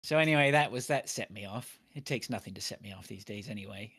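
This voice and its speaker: A man's voice: on the low side, fast, fairly bright tone, slightly rough. A man hosting a casual podcast chat, telling stories in a sweary, ranting way. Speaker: podcast host.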